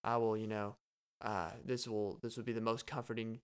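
Soothing female yoga instructor, hushed and slow, voiced by a man going lower and softer than his own voice. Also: flat delivery, clean tone, natural voice.

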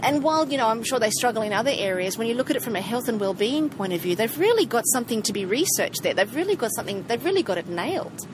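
A woman's voice: a little high, expressive, quick pace, hardly any pauses, noisy background. A woman from South Africa with a South African English accent, chatting casually and thinking things through at length. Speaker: group discussion participant. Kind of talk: casual chat.

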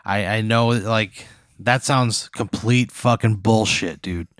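A blunt man with a lowish voice plays along with a made-up scenario. He swears freely and stammers through restarts. His voice is recorded close and dry. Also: unhurried, fairly bright tone, no room sound. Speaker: player in a hypothetical game. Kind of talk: casual banter.

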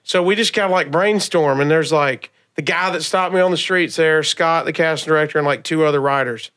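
A man from Alabama with a Southern accent, a comedian telling stories on a podcast in a casual, animated way, acting out other people's lines. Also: on the high side, fairly quick. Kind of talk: casual storytelling.

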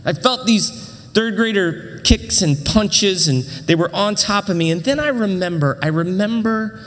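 Animated pastor in a reverberant hall. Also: male voice, high voice, a little slow. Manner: animated, dramatic storytelling with self-interruptions. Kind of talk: sermon storytelling. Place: church auditorium.

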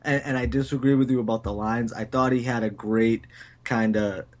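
A man's voice: mid-range voice, steady tone, moderate pace, darkish tone. A man co-hosting a movie podcast, laid-back and profane, calling his co-host "dude". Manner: laid-back, swears, says "dude" a lot. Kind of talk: casual movie review chat.

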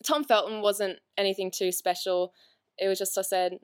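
A woman's voice: medium pitch, fairly even intonation, a little fast, clean tone. A woman guest on a podcast, chatting casually, self-deprecating and laughing often. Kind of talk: casual chat.

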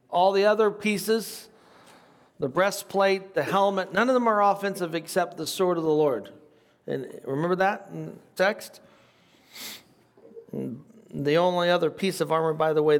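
An older man preaching a conversational Bible lesson, reading passages aloud and adding casual asides with light laughter. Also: fairly high pitch. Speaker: pastor teaching a Bible study. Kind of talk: sermon.

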